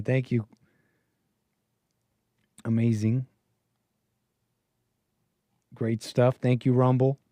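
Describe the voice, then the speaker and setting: A man's voice: medium pitch, warm tone, dry recording, studio quality. A man hosting a call-in livestream, chatting casually and rambling with laughs. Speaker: call-in show host.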